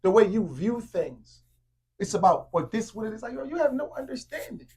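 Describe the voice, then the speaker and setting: A man in casual chat as a podcast co-host, animated and rambling, full of slang and restarts. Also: high voice, fairly quick, breathy edge.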